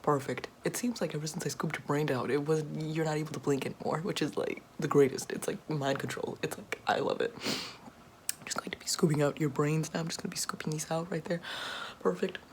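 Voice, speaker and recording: A young woman voicing a greedy, cruel billionaire boss man in a comic whispered role-play, with a put-on deeper, soft, whispery voice and a smug, mocking manner. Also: fairly quick, a little hiss or hum, lightly acted. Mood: boastful.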